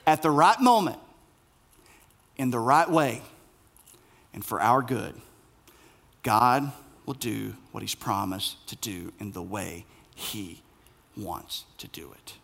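A man preaching a sermon as pastor, animated and playful, acting out the voices in the story. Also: medium pitch, slow, gravelly, long pauses.

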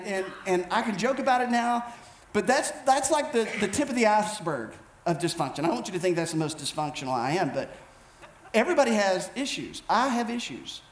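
A man preaching a storytelling sermon as pastor, animated and self-mocking, with many quick restarts. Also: high-pitched. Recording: echoey room with faint background noise.

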